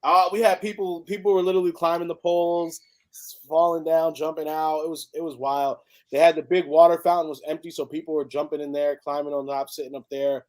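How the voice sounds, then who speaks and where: A man's voice: on the high side, flat delivery, brisk. A man hosting a casual chat, talking loosely, swearing freely and laughing between remarks. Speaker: podcast host.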